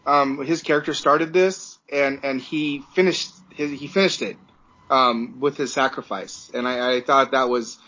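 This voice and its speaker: A man's voice: medium pitch, fairly even intonation, measured pace, pushed and bright, highs cut off. A podcast producer, a man, chatting casually and talking earnestly and emotionally.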